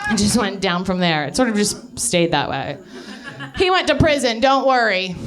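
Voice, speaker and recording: A woman's voice: mid-range voice, heavy background noise. A young woman doing live stand-up, telling a rambling, self-mocking story full of swearing and laughter, a little out of breath. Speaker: stand-up comedian. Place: live comedy venue.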